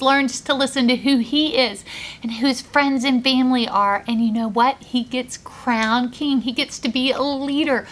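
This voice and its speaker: A woman's voice: high voice, slight background noise. A woman author, reading her picture book aloud and getting children to join in. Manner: animated, coaxing kids to join in. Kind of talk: interactive storytime reading.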